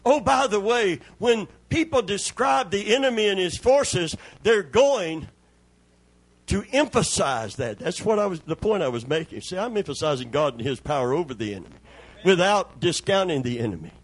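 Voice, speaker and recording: An emphatic male pastor preaching a sermon in a high, husky voice. He presses his points hard and keeps calling for amens and hallelujahs. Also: sing-song, moderate pace.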